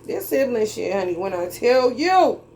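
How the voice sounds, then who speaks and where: Woman tarot reader, fairly high voice, preachy, profane, drawling, faint noise behind. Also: very animated, moderate pace, a little mellow. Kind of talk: tarot reading monologue.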